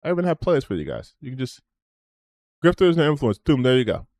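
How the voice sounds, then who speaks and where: Wrapping up his stream, a man rambles and plugs himself, cursing freely throughout the casual sign-off. His mid-range voice is very animated and a little mellow, delivered fast with no echo.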